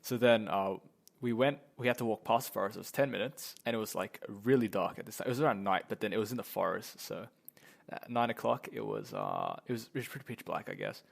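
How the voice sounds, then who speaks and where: Young male vlogger, lowish gravelly voice, rambling and swearing through a story. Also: big pitch swings, brisk. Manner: rambling, profane, many fillers. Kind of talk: casual storytelling.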